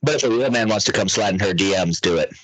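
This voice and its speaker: A young man co-hosting a casual podcast, excitable and swearing constantly as he chats about lifters. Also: on the low side, fast talker, no room sound, poor audio. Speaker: podcast co-host. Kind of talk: casual profane chat.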